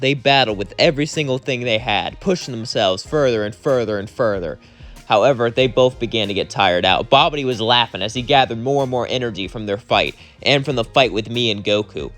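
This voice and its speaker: A man's voice: medium pitch, a little fast, fairly bright tone, faint music behind. Young man telling a fan story. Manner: rambling, acts out every character himself. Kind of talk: casual fan-fiction narration.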